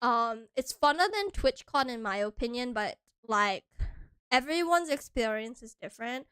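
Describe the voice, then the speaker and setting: Bubbly young streamer girl from hawaii, high bright voice, giggly, dry close mic. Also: animated, normal speed, smooth, no echo. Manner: bubbly, giggly, bursts into squeals. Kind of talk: casual stream chat.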